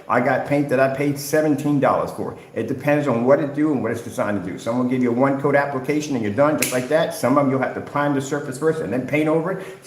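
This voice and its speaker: A man on a livestream, confrontationally lecturing rivals in a repetitive ranting style. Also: medium pitch. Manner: confrontational, lecturing, repeats "at the end of the day". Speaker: business owner ranting at rivals. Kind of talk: livestream rant. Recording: roomy echo.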